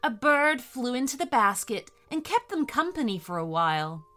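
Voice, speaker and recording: A woman hosting a children's story podcast, greeting kids and narrating a storybook adventure in an animated way. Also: on the high side, moderate pace. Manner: warm, animated, addresses kids directly.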